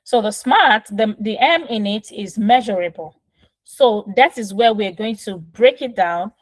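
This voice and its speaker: A woman's voice: medium pitch, animated, measured pace, no echo, rough recording. Woman, parenting coach, casual instructive talk, patient and step-by-step, phone mic in a dead-dry room. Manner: patient, step-by-step explaining with frequent "right?".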